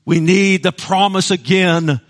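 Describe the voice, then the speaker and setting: A middle-aged man preaching a passionate sermon, swinging between hushed, intimate moments and loud, rousing ones. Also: high-pitched, steady tone, unhurried. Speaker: pastor.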